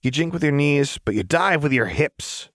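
A man's voice: fairly high pitch, expressive, moderate pace, a bit bright, no room sound, studio quality, pitched above the performer's own voice. A man voicing an unhinged, cackling young woman in a fantasy audiobook, with a manic, teasing delivery.

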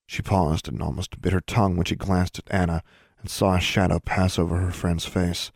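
Male audiobook narrator, gravelly low voice, dry close sound. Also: no echo. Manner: steady, measured reading with gravelly low tone.

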